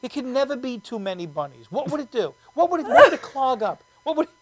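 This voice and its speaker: A woman host, telling animated, excitable stories in casual comedic chat. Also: sits high, quick pace, rough recording. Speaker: show host.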